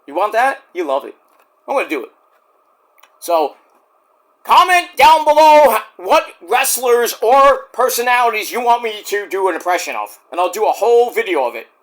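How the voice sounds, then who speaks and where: A man's voice: sits high, sing-song, moderate pace. A man reviewing a wrestling show in casual, rambling, profane chat. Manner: rambling, profane, many fillers.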